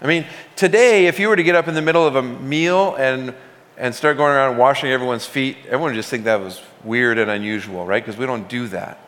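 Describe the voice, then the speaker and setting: Pastor preaching in a reverberant hall. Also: male voice, medium pitch, brisk, a bit bright. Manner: conversational, emphatic, paraphrasing scripture in his own words. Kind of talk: sermon.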